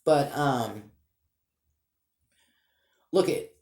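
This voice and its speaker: This vlog host, a Massachusetts man with a Boston accent, talks extremely slowly in a medium-pitched, slightly mellow voice. He rambles in an upbeat, casual way to his viewers, and the room echoes.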